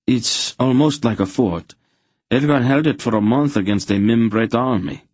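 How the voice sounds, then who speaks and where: A man's voice: medium pitch, normal speed, a little mellow, husky, dry recording, voice pushed up, lightly acted. A man voicing an earnest young nobleman who speaks with urgent strain. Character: young male Arendish nobleman, earnest, gallant.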